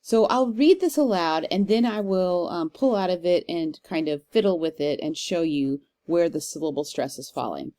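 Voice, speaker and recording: A woman teaching a literature class in a recorded lecture, talking casually and reading verse aloud with a slow stressed rhythm. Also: fairly low pitch, expressive, warm tone. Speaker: literature instructor. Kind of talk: recorded lecture on poetic meter.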